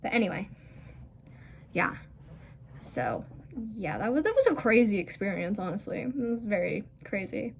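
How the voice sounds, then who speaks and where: A woman's voice: mid-range voice, big pitch swings, moderate pace, long pauses, slight background noise. A young woman telling a casual storytime vlog, rambling with lots of "like" fillers and blunt, profane asides. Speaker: vlogger.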